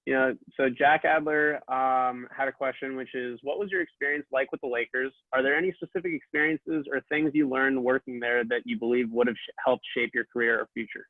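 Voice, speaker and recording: A man hosting an interview, asking questions in a relaxed way with lots of fillers. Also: mid-range voice, brisk, hardly any pauses, dry recording. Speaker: interview host. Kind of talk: casual interview. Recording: tinny dry phone-like line.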